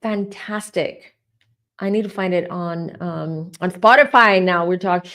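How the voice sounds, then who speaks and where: A middle-aged woman hosts a live tarot reading. She talks in a loose, rambling way and is openly emotional. Her voice sits in an ordinary middle pitch. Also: animated, slow pace, a bit bright. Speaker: tarot reader.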